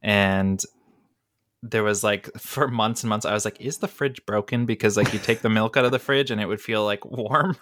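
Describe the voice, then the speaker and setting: Halting self-deprecating podcast co-host, low voice. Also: male voice, a bit bright, no echo, clean studio sound. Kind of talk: casual podcast banter.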